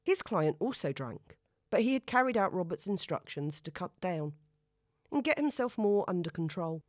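A woman reading a story aloud in a steady, even narration. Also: fairly low pitch, moderate pace, dry recording, studio quality.

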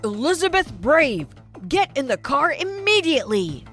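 A stern, angry middle-aged father barks orders in a storybook reading, voiced by a woman narrator. The voice stays high and loud rather than truly deep, with a slightly distant, altered tone. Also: very animated, normal speed, faint music behind. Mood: commanding. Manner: shouting orders.

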